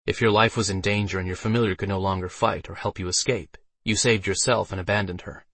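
A man narrating a fantasy audiobook with steady storytelling delivery. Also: lowish voice, fast, dry recording.

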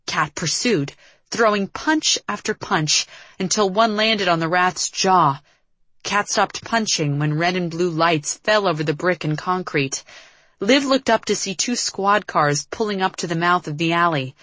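A woman narrating an audiobook in a measured, dramatic reading. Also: lowish voice, fairly bright tone, dry recording, low-quality recording. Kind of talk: scripted narration.

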